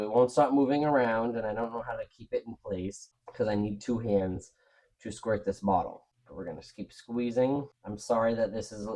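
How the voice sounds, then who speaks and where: A man's voice: lowish voice, mellow. A man hosting a crafting video, talking viewers through each step in a chatty, frank way. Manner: chatty, frank, talks to viewers while working. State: out of breath. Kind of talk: casual step-by-step craft demo.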